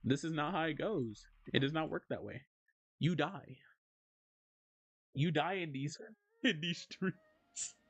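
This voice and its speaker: Animated joking male streamer. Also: on the high side, a little slow, long pauses, breathy edge, no room sound. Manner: animated, joking, reads chat aloud and answers. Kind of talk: casual live-stream chat.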